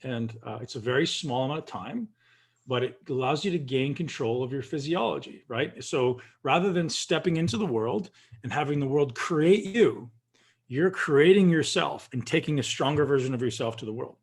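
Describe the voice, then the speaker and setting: A man guest on a video call, calmly guiding listeners through a breathing practice and addressing them directly. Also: mid-range voice, moderate pace, breathy edge. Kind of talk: coaching instruction.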